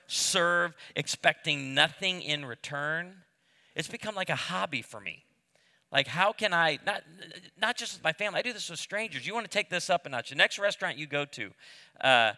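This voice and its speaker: A pastor in his fifties delivers a sermon full of funny stories. He acts out the other voices as he tells them, and his voice is high-set and very bright and forceful. It carries with a long reverb, as if spoken in a large hall. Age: 50s. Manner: animated storyteller, acts out voices.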